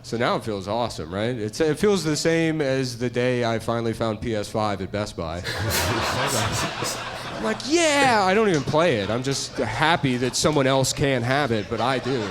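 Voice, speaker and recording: A middle-aged man doing a stand-up comedy set, rambling and deadpan, laughing at his own jokes. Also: mid-range voice, measured pace, noisy background.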